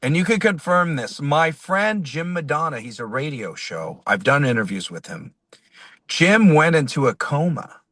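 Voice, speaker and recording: A man's voice: fairly high pitch, moderate pace, dry recording. A man, a musician being interviewed, telling a rambling story and acting out the dialogue as he goes. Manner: animated, rambling, acts out quoted dialogue. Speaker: musician guest.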